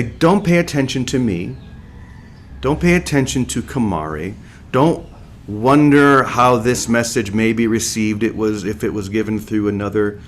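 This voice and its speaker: A man from Oregon giving a slow, deliberate spiritual talk to his community and repeating key phrases. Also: on the low side, a little hiss or hum. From Portland, Oregon, USA. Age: young adult. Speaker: spiritual teacher. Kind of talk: spiritual talk to an online group.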